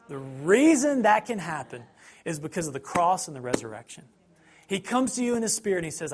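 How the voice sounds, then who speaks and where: A middle-aged male pastor preaching a sermon, moving between hushed, intimate lines and loud, emphatic bursts. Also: fairly high pitch, big pitch swings, brisk.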